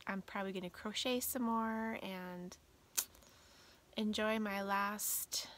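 Slow-talking woman vlogger in her late forties. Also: mid-range voice, steady tone, fairly bright tone. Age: 40s. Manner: chatty, rambling, drops to a whisper at times. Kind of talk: casual vlog chat.

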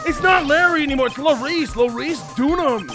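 A man voicing a loud, panicky young man who keeps yelling in a frantic way, reading game dialogue aloud. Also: very high voice, normal speed, over music.

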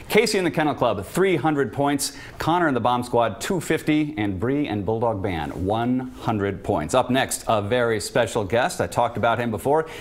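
A man hosting a student television quiz show, announcing answers, scores and guests in an upbeat way. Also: lowish voice. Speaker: host.

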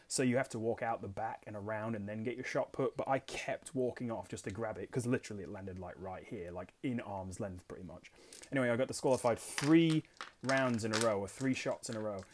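A young Englishman hosting a board game channel, reading rules aloud and chatting casually about his solo play in a self-deprecating way. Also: fairly low pitch. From England. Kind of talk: casual solo gameplay commentary.

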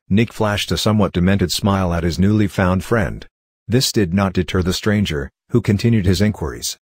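A man reading a scripted horror story in a measured, even way. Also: low-pitched, breathy edge, no echo, studio quality. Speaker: narrator.

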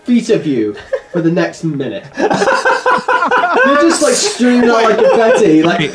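Man as game master, animated, slightly high, roomy echo, music beneath. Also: slow. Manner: explains rules, laughs often. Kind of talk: narrating a tabletop game. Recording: roomy sound with music behind.

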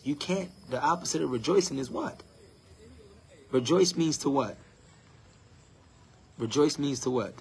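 A man's voice: vocal fry, a little hiss or hum. Preacher man defining scripture word by word. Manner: defines words one by one, asks the crowd questions, mimics complainers in a higher voice. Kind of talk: sermon.

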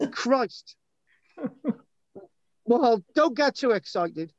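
A man's voice: sits high, a little slow, no echo. A man hosting a live chat, teasing and rambling as he reads an article aloud. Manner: teasing, rambling, self-mocking. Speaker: host. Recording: dull lo-fi sound.

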